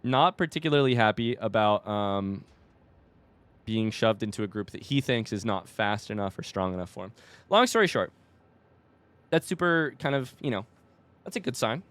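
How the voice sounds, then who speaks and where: A man's voice: lowish voice, animated, normal speed, long pauses, a bit bright, smooth, no room sound. A young man streaming a game and casually telling a long coaching story, rambling with lots of fillers, restarts and the odd swear word. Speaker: streamer and youth cross country coach. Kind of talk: casual storytelling while gaming.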